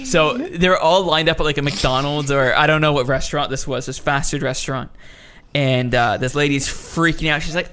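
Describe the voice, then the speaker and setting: Young male co-host, slightly high voice, excitable, laughs a lot. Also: brisk, clean tone. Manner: excitable, laughs often, acts out voices in stories. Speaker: podcast co-host. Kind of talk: casual chat.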